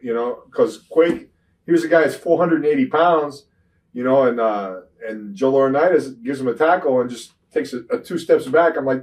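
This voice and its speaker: An older man, a retired wrestler, telling rambling profane stories in an interview, often saying "you know what I'm saying" and getting loud when he retells fights. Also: medium pitch, moderate pace, distant mic, poor audio. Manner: grows loud and animated when retelling confrontations. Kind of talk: shoot interview storytelling.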